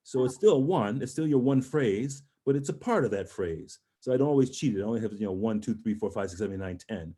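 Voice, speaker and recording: A middle-aged man coaching a singer over a video call, his voice mellow and warm in tone. He talks through phrasing in an encouraging way and now and then sings a short line to show it. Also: fairly low pitch, lively intonation, fast, hardly any pauses, slightly rough. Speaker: voice teacher giving a master class. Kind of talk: online master class coaching.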